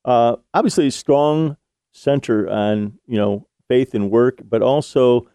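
A man's voice: mid-range voice, unhurried, mellow, clear, resonant tone, no room sound. A middle-aged man hosting a faith podcast, enthusiastic and affirming as he interviews his guest. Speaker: podcast host. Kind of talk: casual faith conversation.

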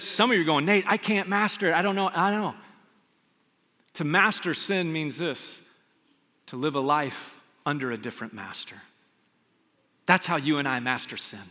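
A man preaching a sermon as pastor, telling stories with animated energy. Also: on the high side. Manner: animated storytelling, shouts in retold scenes. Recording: long hall reverb.

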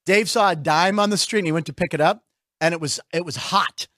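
A middle-aged man from Pittsburgh hosting a casual comedic radio chat, rambling with jokes and quick asides. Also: on the high side, sharp tone, no echo, clean studio sound. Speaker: host.

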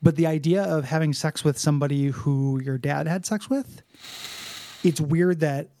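Mellow-voiced man chatting casually. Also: a little high, slight background noise. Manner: halting, many restarts, frank and profane. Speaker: podcast co-host. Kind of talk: casual chat recapping a cartoon episode.

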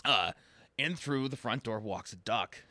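Bright-voiced rambling male comedian. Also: medium pitch, measured pace, no room sound. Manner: rambling, filler-heavy. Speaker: comedian, open mic host. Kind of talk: casual podcast chat, storytelling.

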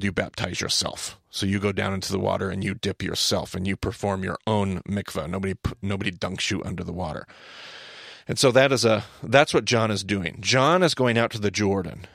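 A man with a low, gravelly voice teaches on a podcast in a casual, explanatory way. He stresses his points and often stops to correct himself mid-sentence. The sound is dry and close, with no room echo. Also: fairly quick, a bit bright. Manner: explanatory, self-correcting, emphatic.

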